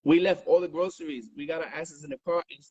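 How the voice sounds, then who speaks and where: Guest: husky man, higher voice, animated and profane, dry close sound. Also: fast talker, no room sound, poor audio. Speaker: interview guest. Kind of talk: casual storytelling on a livestream.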